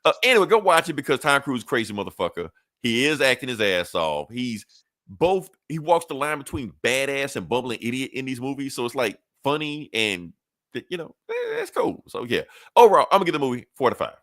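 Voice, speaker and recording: A man's voice: mid-range voice, sing-song, fairly quick, a bit bright, no echo, studio quality. A man co-hosting a podcast in a loose, profane, rambling way, full of fillers. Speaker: podcast co-host. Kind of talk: casual chat.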